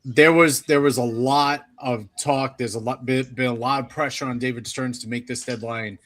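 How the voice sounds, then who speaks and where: Man, sports talk co-host, medium pitch, measured analysis. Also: fairly even intonation, a bit bright.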